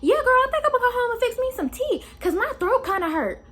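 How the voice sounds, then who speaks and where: A woman's voice: very high-pitched, sing-song, quick pace, fairly bright tone, voice pushed up, exaggerated voice. A woman voicing an ailing woman who chats casually with a friend on the phone. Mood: chatty. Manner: casual, chatty.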